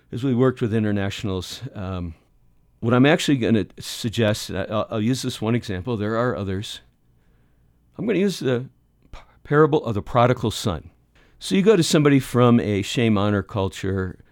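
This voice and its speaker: A middle-aged American man teaches in a relaxed, conversational way, now and then stumbling and restarting a phrase. He slips into quick acted exchanges with changing voices. His pitch sits in the middle, and the recording is dry and close. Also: dry recording. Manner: conversational, acts out dialogue, many restarts. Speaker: ministry teacher. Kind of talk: teaching talk on evangelism.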